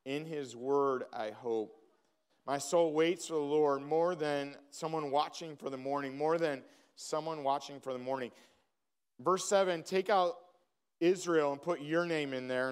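A male pastor preaching a sermon, talking casually and then building to emphatic, slowed declarations. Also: mid-range voice, clean tone.

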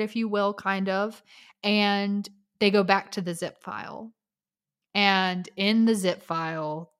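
A woman co-hosting a podcast, casually recapping a documentary and acting out the people in it as she tells it. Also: mid-range voice. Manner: animated storyteller, acts out quotes, swears casually. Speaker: podcast co-host.

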